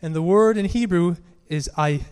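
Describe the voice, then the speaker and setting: A man's voice: sits high, moderate pace, a little mellow, smooth. A man delivers a sermon in a slightly raised voice that carries an earnest, pressing tone. He climbs in force as he reads scripture aloud. His words ring out with a long hall reverb behind them. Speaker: preacher.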